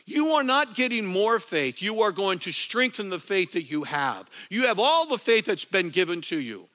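A man preaching a sermon as pastor, animated, dropping to soft asides and rising to loud emphasis, sometimes laughing at himself. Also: high-pitched, moderate pace.

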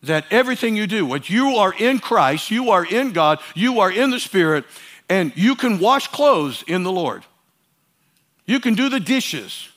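High-voiced man preaching a sermon. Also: big pitch swings, a little slow. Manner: emphatic, swings between loud urging and quiet asides; repeats phrases for emphasis. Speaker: pastor.

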